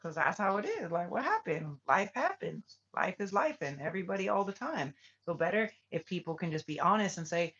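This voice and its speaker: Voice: medium pitch, animated, unhurried, sharp tone, muffled recording. A spiritual reader talking in a casual vlog, blunt and profane, firing off repeated questions in heated bursts.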